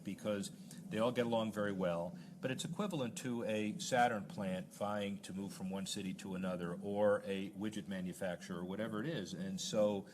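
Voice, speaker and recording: A man's voice: on the low side, background noise. A man hosting a conversational interview, explaining his points at length with frequent restarts. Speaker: sports business interviewer.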